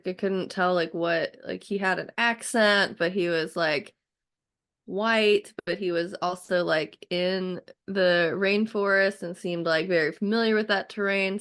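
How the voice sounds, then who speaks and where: A woman from Kentucky, a podcast guest, talking casually and rambling with many "like" fillers. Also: lowish voice. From Kentucky, USA. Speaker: guest, author and bookstore owner. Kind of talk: casual chat.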